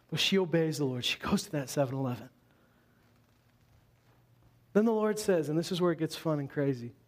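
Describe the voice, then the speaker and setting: A male pastor delivering a conversational sermon to a congregation, animated and full of quick asides. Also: fairly high pitch.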